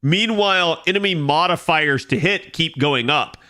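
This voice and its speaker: Casual streamer guy with a bright, forceful voice who rambles loosely and thinks out loud. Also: a little high, normal speed. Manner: rambling, thinks aloud with many fillers. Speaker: game streamer chatting with viewers. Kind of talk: casual live-stream chat.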